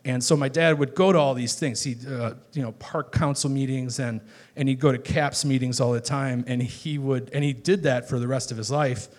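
A man's voice: mid-range voice, fairly even intonation, normal speed. A man from Chicago, a guest on a live stage show, telling stories in a rambling, casual way with lots of filler words. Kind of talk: casual onstage chat. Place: live show at a bar venue.

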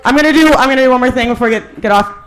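A woman's voice: sits high, racing. A young woman comedian doing stand-up, then chatting casually with a laughing, self-mocking manner.

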